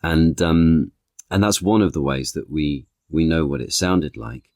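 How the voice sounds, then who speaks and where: A man, an actor and author, talking as a podcast guest in a thoughtful, halting way, piling up analogies with many restarts. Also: a bass voice, gravelly, a little mellow, no echo, clean studio sound. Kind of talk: conversational podcast interview.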